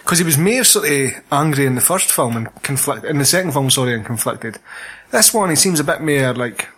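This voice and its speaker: A Scottish man in casual chat, blunt and sweary, mocking a film with quick laughs. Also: mid-range voice, lively intonation, a bit bright, husky.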